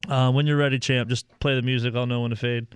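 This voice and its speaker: Guy hosting sports radio, goofy and rambly, smooth voice, dry studio. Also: medium pitch, flat delivery, no echo. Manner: rapid, jokey, rambling with restarts. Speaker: sports radio show host. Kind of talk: casual sports talk radio.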